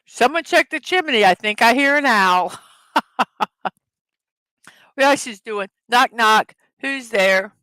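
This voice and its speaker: A woman's voice: on the high side, lively intonation, takes it slowly, long pauses, bright, forceful tone, smooth, no echo. A middle-aged woman hosting a casual livestream, giggling as she reads viewers' jokes aloud. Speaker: livestream host.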